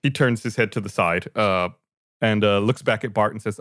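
A man narrating as game master in a casual tabletop game, relaxed and halting. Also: fairly low pitch, no room sound, clean studio sound.

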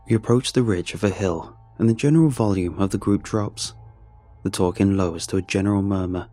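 Man narrating a first-person story, mellow. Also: fairly low pitch.

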